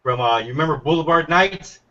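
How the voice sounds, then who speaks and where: A man's voice: a little high, brisk, bright, forceful tone. Laid-back man, distant muffled call. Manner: laid-back, swears a lot. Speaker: artist on a video call. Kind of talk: casual chat. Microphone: video call.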